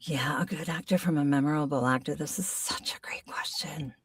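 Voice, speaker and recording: Low-voiced woman chatting, dry and distant. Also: a little fast, slightly rough, dry recording. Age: middle-aged. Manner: animated, laughs often, playful asides. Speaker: voice actor guest. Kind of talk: casual podcast conversation.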